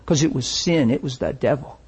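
An older man preaching a sermon, telling stories and acting out what people said, with an animated manner and frequent laughter. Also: medium pitch, a little fast, husky. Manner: animated, acts out quoted voices, laughs often. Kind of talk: sermon storytelling.

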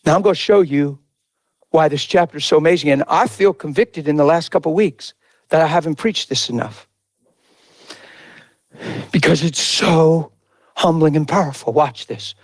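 A male preacher delivering an impassioned sermon that swings between shouted lines and soft, intimate asides. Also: on the high side, normal speed, long pauses, no echo.

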